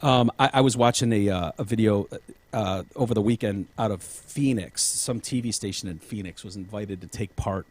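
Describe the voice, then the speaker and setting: A man's voice: fairly low pitch, normal speed. A man hosting a podcast in casual chat, rambling with frequent restarts and casual swearing. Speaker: podcast host.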